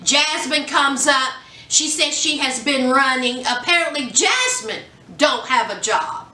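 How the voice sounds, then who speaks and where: A woman's voice: sits high, measured pace. A woman recapping a reality show in casual, sassy chat, acting out the quotes. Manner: animated, sassy, acts out quotes. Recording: echoey room, distant from mic.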